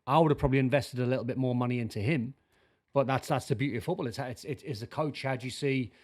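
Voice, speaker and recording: A man's voice: medium pitch, fast talker, darkish tone. A man giving football opinions on a sports panel, chatty and blunt, often restarting his sentences. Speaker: football pundit.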